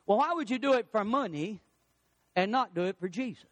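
A pastor with a very high voice delivers an emphatic sermon. He climbs on his questions and drops low and soft on key phrases. The sound is close and dry, with no room echo. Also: lively intonation, a little fast. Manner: emphatic preaching, rising on questions and dropping low on key words. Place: church.

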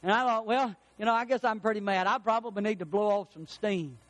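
Man, pastor, high-pitched voice, dry close sound, folksy sermon delivery. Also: fast talker, no echo. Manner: folksy storytelling preacher, swings between loud emphasis and hushed prayer.

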